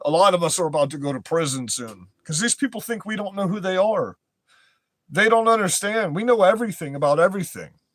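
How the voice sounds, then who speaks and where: A man's voice: sits high, lively intonation, fairly quick, fairly bright tone, no echo. A young man reading news headlines aloud and breaking into profane, aggressive, mocking rants as a commentary host.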